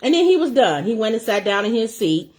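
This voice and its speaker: A woman co-hosting a casual food-and-talk show, telling a story in an animated way while eating. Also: on the high side, fairly quick. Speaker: co-host.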